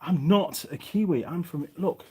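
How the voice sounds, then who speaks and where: On a casual livestream, a middle-aged English mechanic YouTuber reads comments from viewers aloud. He has a slightly faded Yorkshire accent and a higher-than-average voice, mellow and a bit rough, and he never hurries.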